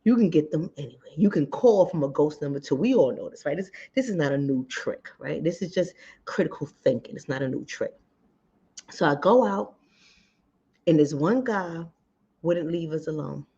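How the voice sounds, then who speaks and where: A woman hosting a channel, telling a personal story in animated, direct talk to ladies and fellas. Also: low-pitched, normal speed, husky. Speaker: relationship coach and channel host. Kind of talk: casual talk-to-camera commentary. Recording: dull lo-fi sound.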